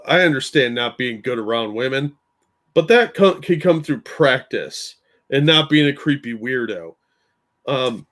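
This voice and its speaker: A man co-hosting a casual livestream, giving blunt, profane commentary. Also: medium pitch. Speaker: stream co-host.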